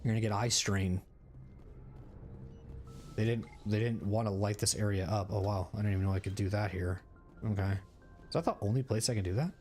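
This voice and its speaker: A man's voice: lowish voice, fairly even intonation, fairly quick, long pauses, a little mellow, faint music behind. Rambling, chatty male gamer. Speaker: streamer. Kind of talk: casual gaming commentary.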